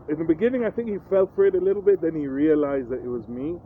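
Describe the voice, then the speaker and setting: A man's voice: fairly high pitch, fast talker, hardly any pauses. A middle-aged man with a Kenyan accent, a guest telling his story in a casual interview, acting out voices as he goes. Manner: animated storyteller who acts out voices. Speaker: guest, radio personality. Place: hotel. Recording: tinny phone-like sound, faint noise.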